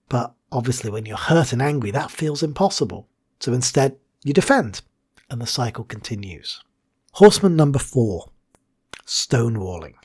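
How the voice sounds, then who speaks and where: Husky man with dramatic whispered drops. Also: mid-range voice, sing-song, normal speed, a little mellow. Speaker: hypnotherapist and coach. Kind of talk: scripted educational monologue.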